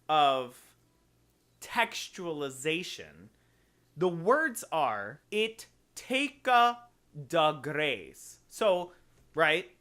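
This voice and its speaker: A man teaching voice, slowly explaining notes and phrasing in a lesson. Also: on the high side, sharp tone. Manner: explains slowly, sings short examples.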